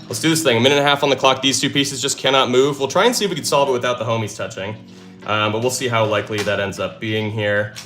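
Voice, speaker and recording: A man's voice: mid-range voice, steady tone, fast, a bit bright, faint music behind. A man hosting a live stream, thinking aloud as he works through puzzles and cheering when he solves them. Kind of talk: excited live stream chatter.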